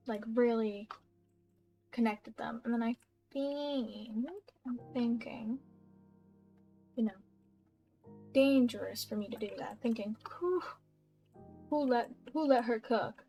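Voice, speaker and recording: A woman's voice: fairly high pitch, takes it slowly, pauses often, warm tone, soft background music. A young woman giving casual, chatty gameplay commentary at home, bubbly and giggly, trailing off mid-thought. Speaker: gaming YouTuber. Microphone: desk mic with audible keyboard.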